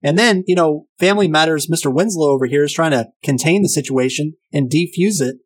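A man's voice: on the high side, a little fast, breathy edge. A man casually retelling and reviewing a crime film, enthusiastic and profane.

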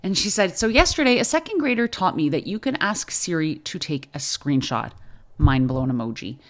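A middle-aged woman, a school librarian hosting a podcast, talking in a chatty, animated way with frequent restarts. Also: deep voice, moderate pace. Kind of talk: casual chat.

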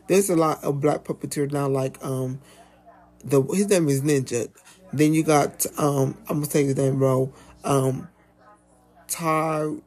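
A man with a slightly higher pitch and a mellow, gravelly tone talks in a loose, animated way. He is sassy and swears freely, stretching out words for emphasis. It is a relaxed podcast conversation. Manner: animated, swearing, sassy asides, drawn-out "baby". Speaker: puppeteer guest. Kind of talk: casual podcast chat.

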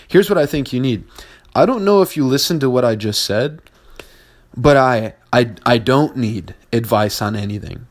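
A man's voice: mid-range voice, expressive, moderate pace. A man hosting a solo business podcast, talking in a blunt, heavily profane and mocking way. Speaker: business owner and podcast host.

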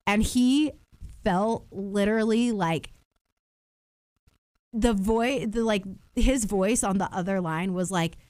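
A woman's voice: medium pitch, takes it slowly, long pauses, a little mellow, no room sound, studio quality. A woman telling stories in a casual chat, with lots of fillers and restarts. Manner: chatty storytelling, many fillers and restarts. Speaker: podcast guest.

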